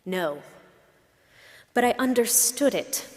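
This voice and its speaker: A woman's voice: fairly high pitch, expressive, slow pace. A woman pastor giving a sermon, telling personal stories with emotion and asking reflective questions. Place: church sanctuary. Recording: long hall reverb.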